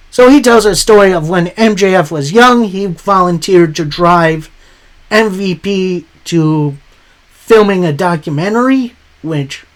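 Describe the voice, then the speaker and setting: With a high voice and no rush, a man retells a wrestling show's promos in his own words while hosting a casual recap. His surprise comes through openly.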